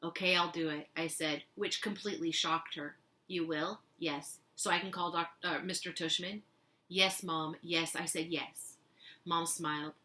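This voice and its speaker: A woman reading a children's novel aloud as a teacher, giving the dialogue lively expression. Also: on the low side, measured pace. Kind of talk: storybook read-aloud.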